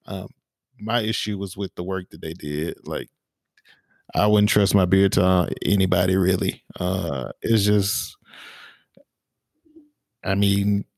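A man co-hosting a podcast, telling stories in a relaxed, casual way with lots of fillers and restarts. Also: low voice, slow, gravelly, pauses often, dry recording, clean studio sound. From small town in the US. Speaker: podcast co-host. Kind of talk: casual chat.

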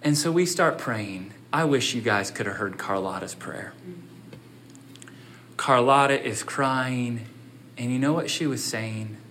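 A pastor preaching a sermon, telling a story in a conversational way and building to emphatic appeals. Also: male voice, medium pitch, measured pace, fairly bright tone, slight background noise.

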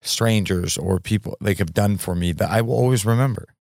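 A man hosting a podcast, speaking reflectively in a halting, restarting way. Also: lowish voice, creaky, a little mellow, no room sound, studio quality. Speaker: podcast host. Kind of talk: casual conversation.

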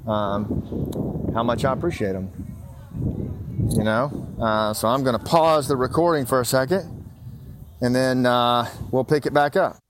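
A man's voice: medium pitch, unhurried, pauses often, background noise. A man in his fifties hosting a podcast, talking earnestly and with growing passion as he walks outdoors. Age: 50s. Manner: earnest, emotional, builds to passionate. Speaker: podcast host. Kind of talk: casual walking monologue. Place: outdoors in a small river town.

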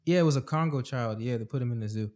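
A man's voice: mid-range voice, fast, a little mellow. A young man in casual chat, making blunt, offhand remarks.

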